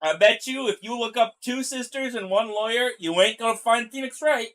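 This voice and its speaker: A game streamer doing live let's-play commentary, laughing often and bursting out with loud jokes and reactions. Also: medium pitch, normal speed. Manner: laughing, loud joking outbursts.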